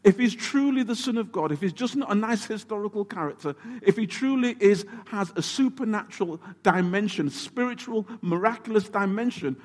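A man preaching a sermon, telling the story in an animated, emphatic way and asking rhetorical questions. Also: high voice. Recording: long hall reverb.

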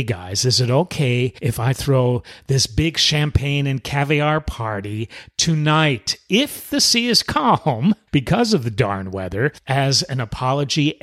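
Animated male storyteller with a lively pitch. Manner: animated storyteller acting out quoted dialogue. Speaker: podcast host, former cruise director. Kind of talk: storytelling self-help talk.

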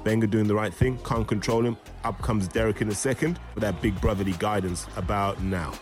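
A man's voice: on the low side, brisk, hardly any pauses, darkish tone, soft background music. Blunt man doing fight commentary. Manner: blunt, scornful running commentary. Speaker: boxing analyst. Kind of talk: commentary over fight footage.

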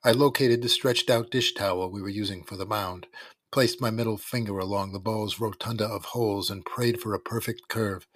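In a low, steady voice, a man reads his own first-person story aloud at a brisk clip, scripted and delivered with wry, dry humor. The recording is close and dead, with no room sound at all.

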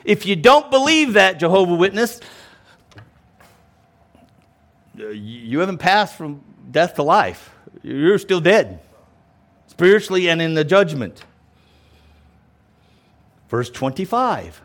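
Lively, animated male pastor teaching. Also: high-pitched, takes it slowly, pauses often. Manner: animated, emphatic, explains and repeats points; casual asides and self-restarts. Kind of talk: verse-by-verse Bible teaching sermon.

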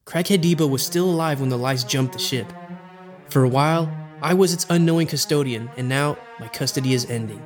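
A man narrating a scripted comic story as the host, delivered in a dramatic, deadpan way with bits of rhyme. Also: mid-range voice, fairly quick, soft background music.

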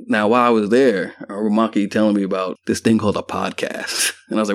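A man's voice: fairly low pitch, fairly even intonation, fast. A man hosting a podcast, telling a personal story in a candid, profane, conversational way. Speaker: podcast host.

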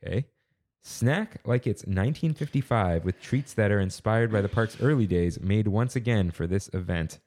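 A man with a fairly low voice co-hosts a laid-back podcast. He reads headlines aloud and breaks off into wry, incredulous asides. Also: normal speed, darkish tone. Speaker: podcast co-host. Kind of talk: casual chat and reading headlines.

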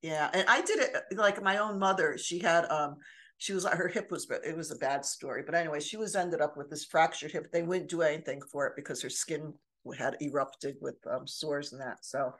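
Older female co-host, earnest rambling storyteller, slightly low pitch. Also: moderate pace, fairly bright tone. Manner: storytelling, earnest, many restarts. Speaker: podcast co-host. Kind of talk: casual chat.

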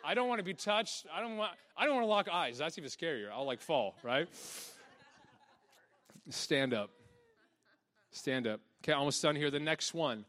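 Bright, high-voiced animated preacher man. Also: moderate pace, pauses often. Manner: animated, laughing, acting out voices. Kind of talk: lively sermon.

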